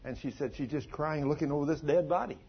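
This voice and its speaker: A man preaching a sermon as a pastor, telling stories in a folksy way with dramatic pauses. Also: on the high side, creaky, slightly rough. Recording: dull lo-fi recording.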